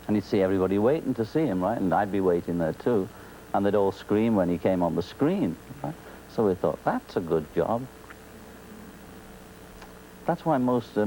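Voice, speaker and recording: A man from England with a Liverpool accent, a talk show guest chatting in a relaxed, wry way and laughing often. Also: fairly low pitch, a little hiss or hum, low-quality recording. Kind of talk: casual talk show chat. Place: television studio.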